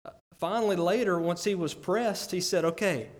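A high-pitched man preaches at a moderate pace, sounding earnest and conversational. Inside the church sanctuary, long reverb follows his frequent "right?" checks with the congregation.

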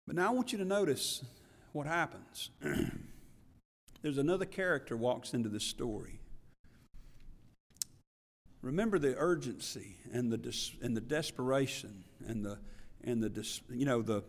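A man's voice: medium pitch, animated, measured pace, pauses often, long reverb tail. A man, a church elder, preaching a sermon in an earnest way, with rhetorical questions and repeated words.

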